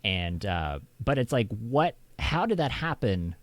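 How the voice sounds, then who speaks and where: A man's voice: fairly low pitch, big pitch swings, a little slow, no room sound. An American man hosting a stream, chatting casually and rambling through his thoughts with many restarts. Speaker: streamer host. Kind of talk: casual chat.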